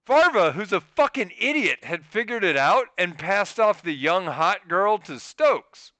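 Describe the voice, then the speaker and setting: A podcast host spins a rowdy anecdote, his high voice swinging widely as he goes. He swears freely and breaks into laughs. The sound is bright and dry. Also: measured pace, no echo. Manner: animated, profane, laughs mid-story. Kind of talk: casual storytelling. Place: studio for a live stream.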